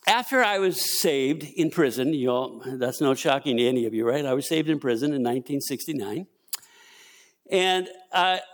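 Animated older man preaching a sermon. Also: a little high. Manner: animated storytelling preacher, acts out quotes.

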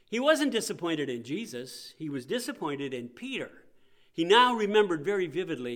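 A man's voice: on the high side, sing-song, moderate pace, fairly bright tone. A male pastor preaching a sermon in a conversational way, acting out the voices he quotes.

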